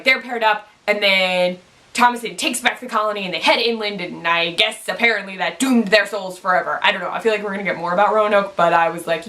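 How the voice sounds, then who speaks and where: A woman vlogging a quick, casual TV episode recap, chatty and excitable with lots of fillers. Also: medium pitch.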